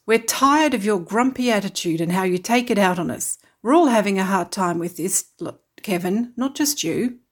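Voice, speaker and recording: A woman voicing a tired but caring mother in a storybook reading, speaking gently and reassuringly. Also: medium pitch, expressive, normal speed, hardly any pauses, close to an everyday voice. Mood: stern.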